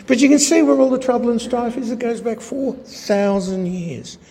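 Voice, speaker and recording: A man's voice: extremely high pitch, moderate pace, creaky, mellow. A man teaching a sermon from slides, talking in a wry way with rhetorical tag questions. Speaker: Bible teacher. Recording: echoey hall.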